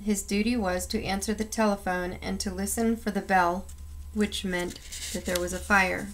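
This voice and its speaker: A woman's voice: medium pitch, fairly even intonation, moderate pace, fairly bright tone, a little hiss or hum. A woman reading a children's picture book aloud, acting out the sound effects with expression. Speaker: storyteller.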